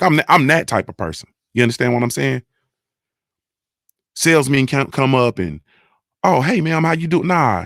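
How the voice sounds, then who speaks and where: A young adult man talks straight to his viewers on a livestream, emphatic, profane and repetitive. His voice sits at an ordinary pitch and is recorded dry and up close, with no room sound. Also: no room sound. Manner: emphatic, repetitive, profane, keeps asking "you understand". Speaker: livestream host reading chat. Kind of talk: casual livestream talk to viewers.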